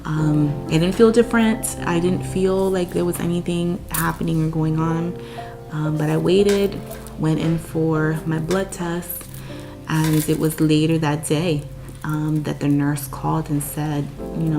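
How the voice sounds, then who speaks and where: A woman with a notably low voice recounts her personal story in an earnest, candid way. She keeps saying "you know" as she speaks. Soft guitar music plays clearly under her. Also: steady tone, unhurried. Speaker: mother sharing her infertility story. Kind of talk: personal testimony.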